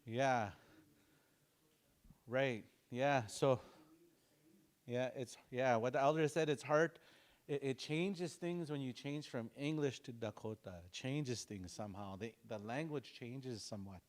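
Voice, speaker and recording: A man teaching a language class, explaining pronunciation patiently and repeating sounds aloud for students to copy. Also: medium pitch. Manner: explains slowly, repeats sounds aloud for practice, chuckles often.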